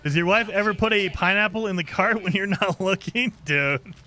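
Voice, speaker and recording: A man's voice: high voice, moderate pace, bright, forceful tone. A man streaming a game, chatting casually with viewers in a joking, teasing way and laughing often. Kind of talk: casual live commentary while playing.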